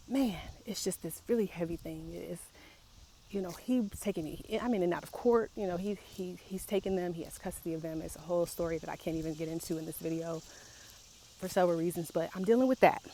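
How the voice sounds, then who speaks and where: In a raw confessional vlog, a young woman with a fairly low, mellow voice works through painful feelings, halting, emotional and often repeating herself. Faint outdoor insect sounds drift in behind her, with a bit of hiss or hum.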